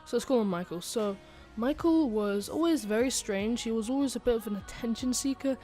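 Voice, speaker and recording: A woman's voice: fairly high pitch, fairly quick, dark tone, soft background music. A woman telling a casual storytime tale into a desk microphone, rambling with lots of fillers, restarts and giggly asides. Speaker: channel host telling a story.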